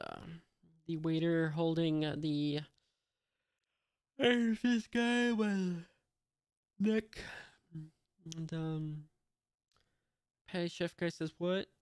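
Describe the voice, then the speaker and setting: A man reads a comic aloud at a slow, halting pace, with many fillers. His voice is clear and crisp. The recording is dry and close. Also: on the high side, dry recording. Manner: hesitant, many fillers, reads out sound effects. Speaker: manga reader. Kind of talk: casual reading of a comic aloud.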